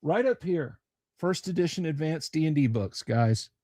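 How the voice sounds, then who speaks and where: A man's voice: fairly high pitch, animated, moderate pace, dark tone, no echo, studio quality. Rambling, jokey male livestream host. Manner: rambling, jokey, stammering restarts. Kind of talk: casual live-stream chat.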